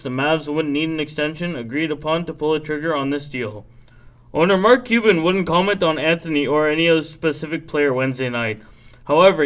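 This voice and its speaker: A man's voice: fairly high pitch, fairly bright tone. A man hosting a sports podcast, reading a scripted rundown with casual asides. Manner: reads from a script, loses energy with asides. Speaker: podcast host.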